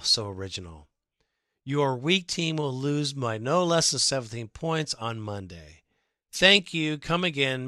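A man's voice: lowish voice, bright, forceful tone, dry recording, studio quality. A man hosting a casual sports fan podcast, reading listener comments aloud with sarcastic asides. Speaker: podcast host.

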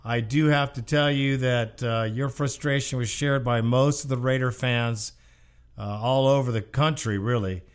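A man's voice: medium pitch, fairly even intonation, normal speed, clean tone. A man hosting a call-in sports radio show, greeting callers in a friendly, casual way.

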